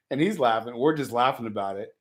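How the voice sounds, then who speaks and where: A man on a radio show telling a bar story, laughing often and acting out the people in it. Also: medium pitch. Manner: laughs through his stories, acts out the people in them. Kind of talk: casual storytelling.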